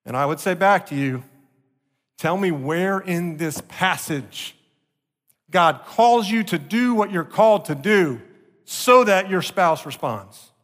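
A male pastor delivering an earnest sermon, slowing down to stress key points. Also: high-pitched, lively intonation, fairly bright tone. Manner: earnest preaching, slowing for emphasis. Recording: long reverb of a large hall.

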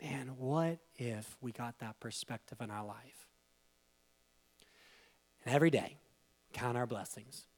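A man's voice: a little slow, long pauses. A man in his thirties giving a devotional talk, telling a family story with laughter and rising emotion. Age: 30s. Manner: animated, laughing, voice climbing high when moved. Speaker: speaker.

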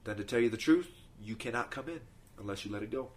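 A man voicing God as a calm, firm father figure speaking plainly. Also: mid-range voice, fast talker, natural voice.

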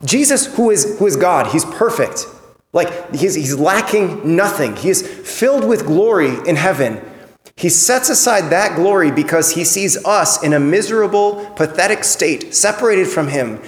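A man's voice: sits high, animated, normal speed. A man giving a Sunday homily in an earnest, conversational way, often repeating words as he restarts a thought. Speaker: priest. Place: church. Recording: echoey church with long reverb.

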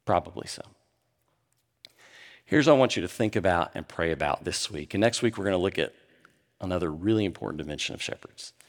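A middle-aged man preaching a sermon, swinging between animated emphasis and hushed, quiet moments. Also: low-pitched, brisk, pauses often. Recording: long hall reverb.

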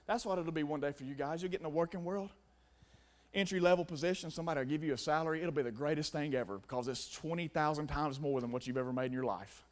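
A young man preaching a sermon, emphatic, swinging between loud stresses and quiet asides. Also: fairly high pitch, fast.

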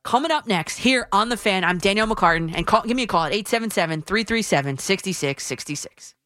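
A woman's voice: medium pitch, lively intonation, fairly quick, sharp tone, no room sound, clean studio sound. Emphatic woman sports radio host. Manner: emphatic, punchy delivery. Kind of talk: opinionated sports radio talk.

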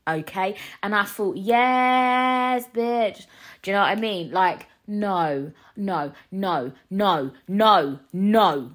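A woman, ranting in a casual solo podcast, animated and rambling with frequent laughs. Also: lowish voice, takes it slowly, hardly any pauses. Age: 20s. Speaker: podcast host.

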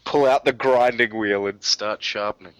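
A man's voice: on the low side, normal speed, fairly bright tone, clear, resonant tone, no room sound. A man narrating a tabletop game as game master, loose and casual with frequent fillers.

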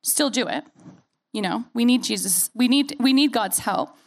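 A young American woman pastor preaching a sermon in an earnest, animated way with playful asides; her accent has softened after years in Australia. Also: a little high, moderate pace. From United States.

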